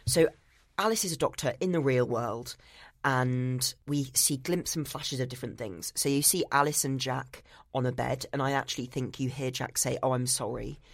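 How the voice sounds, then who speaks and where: Man, podcast co-host, mid-pitched, dry close sound; casual step-by-step film recap. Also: normal speed, no room sound. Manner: retells film scenes step by step, quoting characters.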